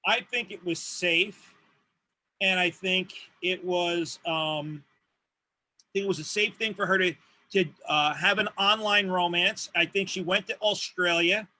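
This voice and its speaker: A man's voice: high voice, fairly even intonation, unhurried, sharp tone, no room sound. A man co-hosting a podcast in casual chat, crude and joking. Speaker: podcast co-host. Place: home studio.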